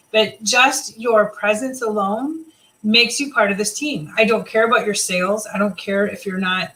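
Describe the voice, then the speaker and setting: A woman with a medium-pitched, sharp voice leads her team in a live video chat over a rough recording. Her talk is casual and motivational, rambling with fillers and restarts.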